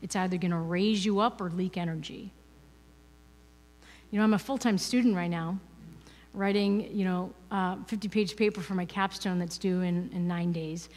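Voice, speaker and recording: A woman's voice: on the low side, fairly even intonation, normal speed, darkish tone. A woman giving a conversational, playful spiritual talk as a guest speaker, asking the audience rhetorical questions. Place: church hall. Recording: reverberant hall.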